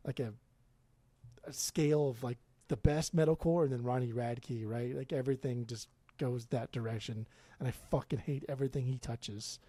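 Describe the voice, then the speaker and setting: A man's voice: mid-range voice, fairly even intonation, normal speed, dark tone, dry recording. A man in his forties from Southern California, co-hosting a podcast with blunt, profane opinions. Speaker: podcast co-host. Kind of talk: casual podcast chat.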